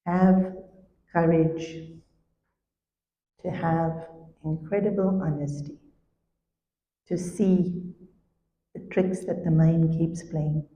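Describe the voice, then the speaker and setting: Woman teacher, sermon, mellow voice, animated storytelling. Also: deep voice, takes it slowly, long pauses, in a large hall, muffled recording. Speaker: spiritual teacher.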